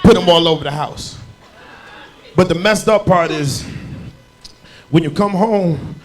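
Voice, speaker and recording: A young stand-up comedian from New Jersey with a high voice performs on a club stage into a handheld mic. He tells animated stories and swings into loud, shouted bits. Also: unhurried.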